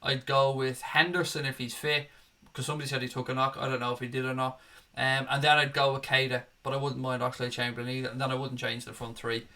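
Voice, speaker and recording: A man's voice: mid-range voice, flat delivery, fast talker, bright, forceful tone. A young man hosting a live fan show, chatting casually as he reads out viewer comments and calls them mate. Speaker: fan channel host. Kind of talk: live stream chat reading viewer comments.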